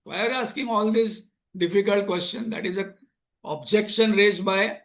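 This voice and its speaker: A man's voice: high-pitched, steady tone, moderate pace, fairly bright tone. A man giving a spiritual lecture on Vedanta, posing rhetorical questions and voicing objections. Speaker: Vedanta teacher.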